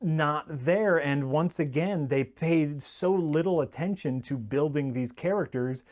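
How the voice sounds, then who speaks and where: A man with a somewhat raised voice critiquing a film on a podcast. He speaks in a measured, halting way, pausing on "uh" as he gathers his thoughts. His tone is dry and critical, in a casual chat. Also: a little high, darkish tone. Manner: measured, hesitant, with many "uh" pauses, dryly critical.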